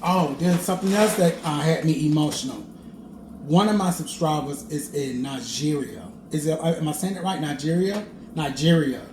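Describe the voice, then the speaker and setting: A cooking vlogger chats casually in his home kitchen, playful and sing-song, laughing often, with a camera filming from a distance. His voice is a little high at a moderate pace, and the kitchen sounds echoey with background noise.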